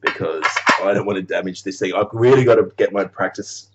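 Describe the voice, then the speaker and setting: A man's voice: deep voice, fairly even intonation, fairly quick, muffled recording, noisy background. A man chatting casually in a rambling way on his video blog. He laughs often, swears freely and trails off mid-thought. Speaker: animator vlogger.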